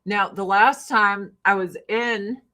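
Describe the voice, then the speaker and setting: This skincare livestream host, a middle-aged Illinois woman with a Chicago-area accent, speaks slowly in a medium-pitched voice over a noisy background. Her rambling chat is casual and profane, with frequent laughter and impressions of people.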